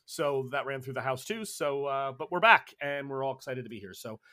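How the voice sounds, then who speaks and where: A man's voice: mid-range voice, expressive, brisk, bright, forceful tone, dry recording. Chatty male game master, dry sound. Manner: casual, rambling, with many fillers and restarts. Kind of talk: narrating a tabletop role-playing game.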